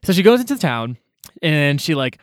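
Casting: lively storytelling man, higher voice, dry close mic. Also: moderate pace, dry recording. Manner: animated storytelling, many "like" fillers, acts out characters' lines. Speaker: podcast co-host. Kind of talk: casual book discussion.

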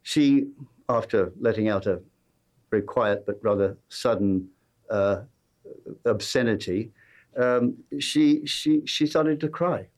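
English pastor telling a sermon story. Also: male voice, medium pitch, slow pace, darkish tone. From England. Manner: storytelling, self-deprecating humor, earnest appeals.

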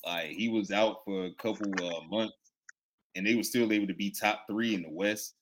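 A man on a casual sports podcast, calmly running through player statistics. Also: on the low side, normal speed. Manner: steady, stat-heavy.

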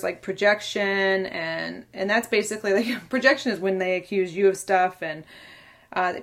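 A woman in her thirties hosting a podcast, telling her own story in a candid, earnest monologue and often quoting what others said. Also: mid-range voice. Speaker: podcast host.

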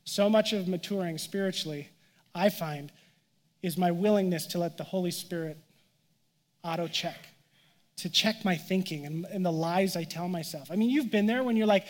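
A man's voice: high voice, moderate pace, big-room sound. A man pastor giving a sermon in a conversational, emphatic way.

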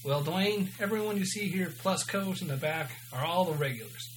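A man's voice: a little high, moderate pace, slight background noise, lightly acted, poor audio. A man voicing a chatty small-town diner waitress, talkative and gossipy, in a story read aloud.

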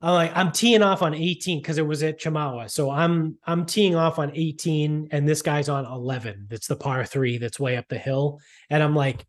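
A man's voice: fairly high pitch, brisk. A man from the Boston area co-hosting a casual podcast, rambling and swearing with lots of "like". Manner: rambling, profane, fillers like "like". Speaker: podcast co-host. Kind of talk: casual chat.

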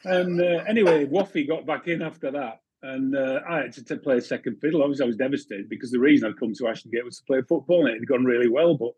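A man in his fifties, once a goalkeeper, chats through football anecdotes as a podcast guest in a casual storytelling conversation, often restarting and laughing. His medium-pitched voice is a little mellow and slightly rough, moving at a quick pace with hardly any pauses, in a dry recording.

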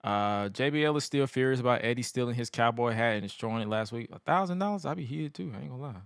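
A man co-hosting a podcast, recapping wrestling in casual, animated chat and acting out quotes. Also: mid-range voice, quick pace, vocal fry, clean tone, dry recording, studio quality. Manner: animated storytelling, acts out quotes, swears freely. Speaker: podcast co-host.

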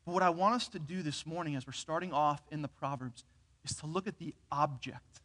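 A man preaching a sermon, telling a personal story in an earnest, animated way. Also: fairly high pitch, brisk. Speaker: pastor. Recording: reverberant hall.

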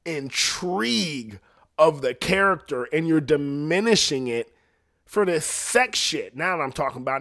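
Profane rambling man, slightly high voice. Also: fairly bright tone. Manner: profane, rambling, laughs often. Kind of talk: casual chat.

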